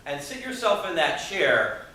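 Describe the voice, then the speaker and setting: A man giving a motivational speech to a live audience in a meeting room, expressive and asking the audience questions. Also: sits high, a little slow, slight background noise. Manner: expressive, acts out quoted people, audience questions. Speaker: Toastmasters speaker. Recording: echoey room from far off.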